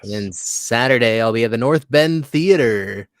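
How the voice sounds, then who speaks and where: Man, comedian guest, casual, rambling, middle pitch, dry close mic. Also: lively intonation, moderate pace, dry recording. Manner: rambling, lots of likes. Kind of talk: casual chat.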